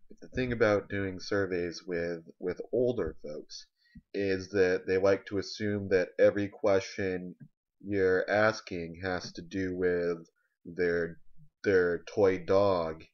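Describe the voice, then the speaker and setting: A man delivering a rambling, deadpan comic monologue with halting restarts. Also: low voice. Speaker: comedian. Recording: dull lo-fi recording.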